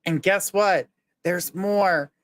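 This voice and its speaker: Male psychic medium, slightly high voice, smooth and clear, live reading. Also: slow pace. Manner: earnest, reassuring, relays messages in the first person.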